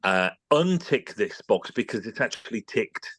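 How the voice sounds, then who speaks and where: A man's voice: on the low side, normal speed, no room sound. A man with a British accent, a voice-over artist chatting in an interview and acting out studio exchanges. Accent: British English. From England. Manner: animated, acts out studio exchanges in quoted voices. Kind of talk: casual interview chat.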